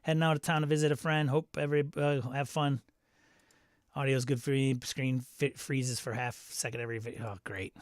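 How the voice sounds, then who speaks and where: A man's voice: mid-range voice, flat delivery, brisk, no echo, clean studio sound. A man hosting a live game stream, reading viewer comments aloud and chatting in a loose, self-interrupting way. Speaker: stream host.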